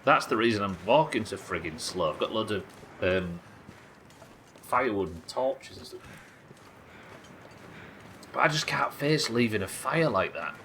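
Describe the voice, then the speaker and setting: A man commentating his own live game stream, excitable, swearing and talking to his chat. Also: lowish voice, unhurried, pauses often, a little hiss or hum.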